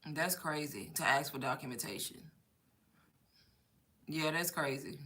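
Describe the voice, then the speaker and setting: A young woman hosting a live stream, telling stories in an animated, chatty way. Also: sits low, unhurried, breathy edge. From Texas. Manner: animated storytelling with laughs. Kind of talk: casual chat.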